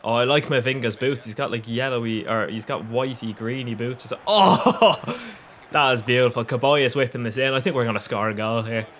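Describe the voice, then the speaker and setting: A man's voice: medium pitch, fairly quick, slight background noise. A young man, commentating on a football video game with frequent laughter, swearing and rambling asides. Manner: swears a lot, laughs often, rambling and excitable. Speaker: gaming YouTuber. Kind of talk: gameplay commentary.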